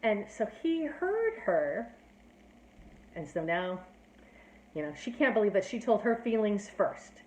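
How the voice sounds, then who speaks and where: A woman's voice: mid-range voice, big pitch swings, measured pace, pauses often, slight background noise. A woman giving a casual, chatty plot summary as a teacher, filling her talk with "like" and "you know". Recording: roomy echo.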